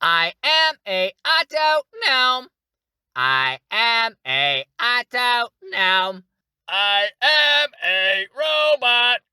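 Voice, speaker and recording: Little robot gnome, high-pitched, clipped, singsong, bright. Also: male voice, big pitch swings, drawn-out words, clean tone, no echo, clean studio sound, heavily acted. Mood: chirpy. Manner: clipped words in a melodic up-down singsong.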